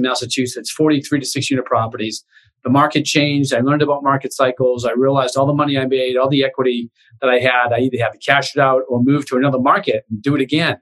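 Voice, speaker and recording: A man with a Boston accent, a real estate investor being interviewed over a video call, telling lively stories and acting out quoted voices. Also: medium pitch, poor audio. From Boston area, USA. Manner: animated anecdotes, acts out quoted voices. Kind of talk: casual interview storytelling.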